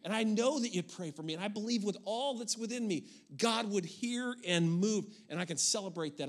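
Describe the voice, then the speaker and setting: A middle-aged male pastor who preaches in an energetic, conversational way and often repeats and restarts his words. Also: high-pitched. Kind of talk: sermon.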